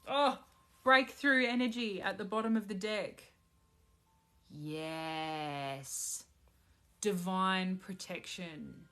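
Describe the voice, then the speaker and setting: A pregnant woman giving a live-stream tarot reading, speaking in a slow, soothing, spiritual way. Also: medium pitch, pushed and bright. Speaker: tarot reader.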